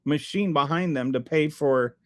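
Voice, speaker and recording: A man's voice: on the high side, moderate pace. A man hosting a live stream, reading chat aloud and answering with sarcastic, rambling commentary full of restarts.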